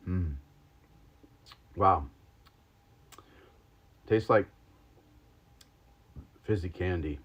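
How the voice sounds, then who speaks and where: A man's voice: low-pitched, extremely slow, long pauses, husky. A man hosting a livestream, chatting casually and rambling with lots of ums and likes while taste-testing sodas. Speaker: podcast host. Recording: slightly dull lo-fi stream audio.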